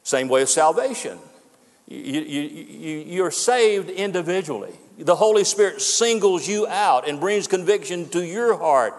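A man's voice: fairly high pitch, lively intonation, a little slow. Earnest preaching man in a reverberant church. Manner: earnest, emphatic preaching with repetitions. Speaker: pastor. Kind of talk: farewell sermon. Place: church sanctuary. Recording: long hall reverb.

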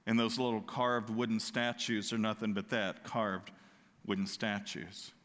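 A man preaching a sermon, animated, slipping into loud, high-pitched outbursts when he acts out what people say. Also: a little slow. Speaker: pastor. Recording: long hall reverb.

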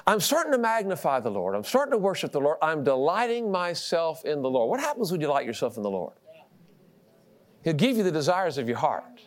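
Male preacher, middle-aged, storytelling sermon, very lively pitch, self-mocking laughs. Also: fairly quick. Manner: animated storytelling, repeats words, laughs at himself.

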